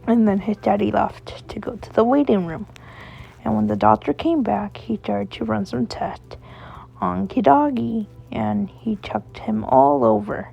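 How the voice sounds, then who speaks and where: Slow gravelly woman storyteller. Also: medium pitch. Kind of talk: reading a children's story aloud. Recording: dull lo-fi recording with faint music.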